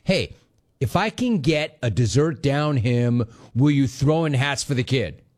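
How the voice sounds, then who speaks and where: A man's voice: mid-range voice, animated, measured pace, darkish tone. A man hosting a sports talk show, reacting to callers and news in a sarcastic, mocking way and laughing often.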